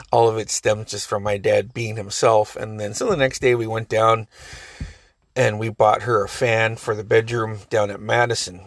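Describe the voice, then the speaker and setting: A man's voice: fairly low pitch, little pitch movement, a little slow, dry recording, clean studio sound. A man in his forties casually telling a family story, rambling, cursing and laughing often.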